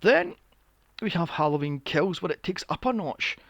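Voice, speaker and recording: A podcast host with a fairly high, gravelly voice rants about films, swearing freely and sounding exasperated. His pitch jumps around a lot, and the recording is dry and close. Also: normal speed, dry recording, muffled recording. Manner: profane, exasperated, animated. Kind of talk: casual film review rant.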